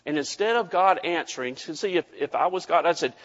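A man's voice: on the high side, fairly quick, hardly any pauses. Male pastor, folksy storyteller, church hall echo, muffled sound. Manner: folksy storytelling, animated, addresses the congregation. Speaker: preacher. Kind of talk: sermon with a personal story. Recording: dull audio with long hall reverb.

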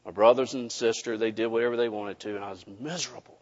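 A man preaching a sermon, telling a personal story in a folksy, animated way to his congregation. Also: lowish voice, quick pace. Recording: dull audio with long hall reverb.

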